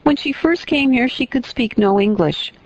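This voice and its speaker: A woman's voice: fairly high pitch, moderate pace, darkish tone, husky, dry recording, highs cut off, voice pushed up. A woman voicing a kindly, chatty elderly widowed housekeeper who talks in a fussy, exclaiming way, read from an audiobook. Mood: explaining.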